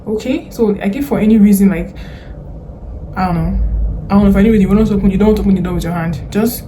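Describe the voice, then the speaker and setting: A woman's voice: mid-range voice, fast talker, dark tone, slight background noise. A young Nigerian woman with a Nigerian accent, giving chatty, earnest advice in a casual vlog, full of fillers and slang. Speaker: vlogger.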